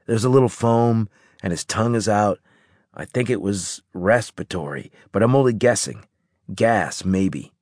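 A man's voice: lowish voice, normal speed, darkish tone, dry recording, studio quality, close to an everyday voice. A man voicing a wary, sardonic male squad specialist in an audiobook.

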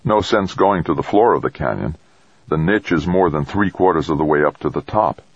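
A focused male explorer thinking through his next move, as a man reads him in his own voice. He explains steadily in a very deep, husky voice. The audiobook recording is dry and a little dull. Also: animated, a little fast, dry recording, heavily acted.

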